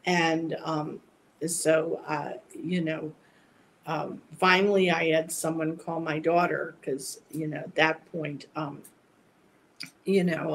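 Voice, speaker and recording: A middle-aged woman, a guest psychic, telling a personal story in a casual, meandering way with many halting restarts. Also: low voice, slight background noise, rough recording.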